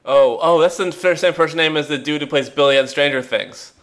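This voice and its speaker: A man's voice: a little high, a little fast, a bit bright. A man co-hosting a podcast in casual chat, rambling and joking, trailing off into fillers. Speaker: podcast co-host. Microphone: remote call mic.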